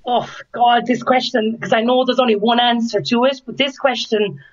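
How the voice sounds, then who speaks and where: A woman's voice: fairly high pitch, normal speed, muffled recording. A young Irish woman, a podcast guest, telling a story in casual chat and acting out the voices of the people in it. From Ireland. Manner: lively, animated, acts out dialogue.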